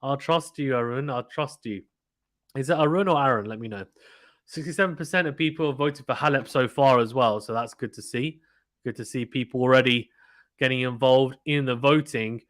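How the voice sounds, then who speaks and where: A live stream commentator hosts a casual tennis watchalong, giving play-by-play chat to viewers and often repeating himself. His medium-pitched voice is brisk and a bit bright. The studio sound is clean, with no echo.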